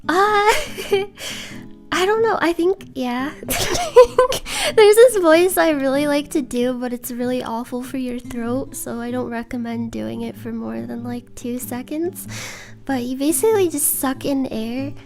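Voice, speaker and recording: A woman answering fan questions in a casual vlog. She has a soft voice and is giggly and bubbly, laughing often. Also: high-pitched, animated, a little slow, soft background music.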